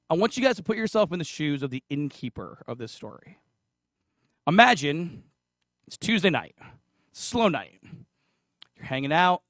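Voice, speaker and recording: A man's voice: high-pitched, fairly bright tone, no room sound. Chatty joking preacher man, dry sound. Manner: chatty and joking, asides to the congregation. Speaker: pastor. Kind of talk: casual sermon retelling a parable.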